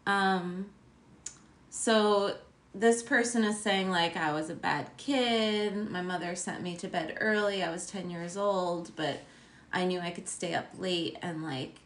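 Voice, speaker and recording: A woman's voice: fairly low pitch, unhurried, roomy sound. A woman co-hosting a ghost podcast, chatting casually with many fillers and reading spooky stories aloud. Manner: laid-back, filler-heavy, giggly. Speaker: podcast co-host.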